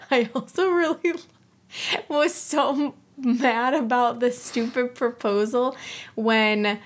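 A woman co-hosting a casual movie podcast, animated and swearing freely as she acts out scenes. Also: fairly high pitch, slow pace. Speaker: podcast co-host.

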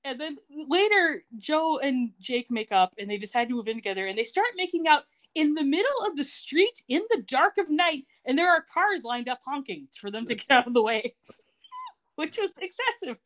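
A woman's voice: high-pitched, sing-song, normal speed, fairly bright tone. A woman co-hosting a podcast, recapping a TV episode in casual chat, sarcastic and laughing often. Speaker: podcast co-host.

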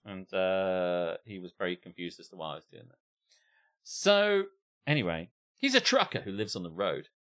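In a low-sitting voice at a moderate pace, a man co-hosting a comedy podcast reads an online post and riffs on it. His manner is animated, with laughing, swearing and mock voices.

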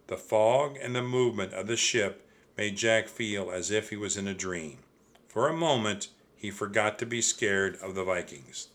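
A man narrating a children's audiobook in a slow, measured way. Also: fairly low pitch, fairly bright tone.

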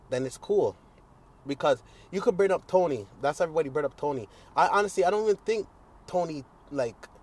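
A young man talks straight into his own podcast with no script. He rambles, swears freely and restarts his sentences, filling the gaps with "you know what I'm saying". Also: mid-range voice. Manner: rambling, profane, full of fillers and restarts. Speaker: podcast host. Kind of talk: casual solo podcast monologue.

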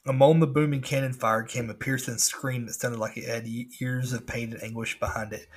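Husky man reading a spooky story. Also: mid-range voice, steady tone, a little fast. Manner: storytelling with asides and laughs. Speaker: podcast host reading a story.

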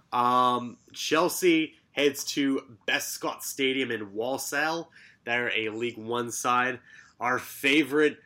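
Male podcast co-host, bright forceful tone, sarcastic, brisk fixture rundown. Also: medium pitch. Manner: lively, rattles through fixture lists with sarcastic asides. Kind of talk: casual sports podcast chat.

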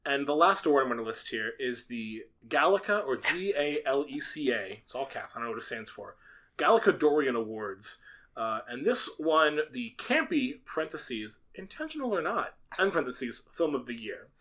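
Bright, excitable man reviewing a movie. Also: mid-range voice, moderate pace. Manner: jokey, excitable, rambling. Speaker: podcast co-host. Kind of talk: casual movie review chat.

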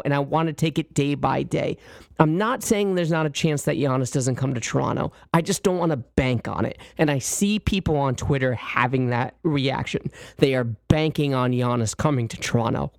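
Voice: mid-range voice, normal speed, dry recording, clean studio sound. A podcast host in casual sports chat, opinionated, with apologetic asides, building to emphatic points.

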